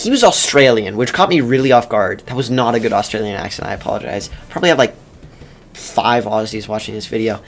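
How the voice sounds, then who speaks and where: A young man telling a casual story over gameplay commentary, rambling and wry, with many pauses and self-corrections. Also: mid-range voice. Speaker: video creator.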